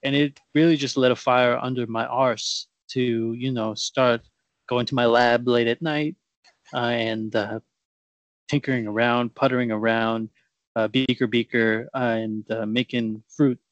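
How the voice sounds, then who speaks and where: A man's voice: medium pitch, fairly even intonation, a little slow, no room sound, natural voice. A brash, pushy fruit scientist who rambles and cuts in, as a man plays him. His voice sits in an ordinary middle range on a dull, dry lo-fi recording, part of an improvised comedy sketch. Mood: heated.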